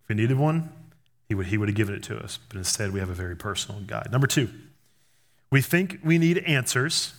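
A man preaching a sermon in an animated, conversational way, acting out little scenes as he goes. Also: lowish voice, a little fast.

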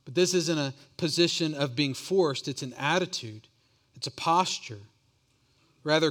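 A man's voice: on the high side, fairly bright tone. A man preaching a sermon as pastor, earnest and often repeating words as he builds each point.

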